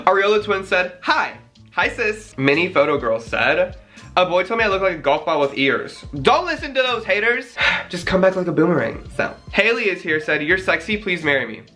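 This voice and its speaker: Brief: young male vlogger, bright lively voice, gushing and dramatic, faint music under. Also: sits high. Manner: gushing, dramatic, quick gasps and sighs. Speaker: vlogger reading fan messages. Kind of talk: casual chat.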